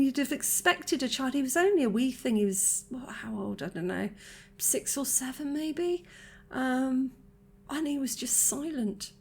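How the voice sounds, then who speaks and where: A woman in her forties speaks in a casual, reflective vlog style with a slightly higher voice. She is chatty, laughs often and restarts her sentences as she thinks aloud. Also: darkish tone. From United Kingdom. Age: 40s. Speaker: vlogger.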